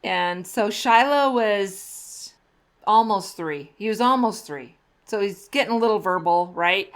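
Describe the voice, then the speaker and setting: A woman's voice: medium pitch, unhurried. A middle-aged woman hosting a podcast, listening closely with frequent affirming murmurs and sharing her own stories casually. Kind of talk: casual conversation.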